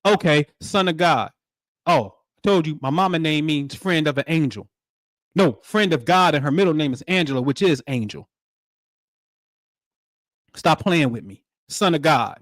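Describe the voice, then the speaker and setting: High-voiced man preaching in slang. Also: moderate pace, pauses often, no room sound, clean studio sound. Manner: animated, preachy, streetwise slang with profanity. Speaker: livestream host. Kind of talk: spiritual livestream talk.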